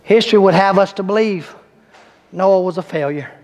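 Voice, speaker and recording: A man preaching a Baptist evening sermon, swelling from hushed storytelling to fervent shouting. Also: high-pitched, normal speed. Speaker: guest preacher. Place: church sanctuary. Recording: long church reverb.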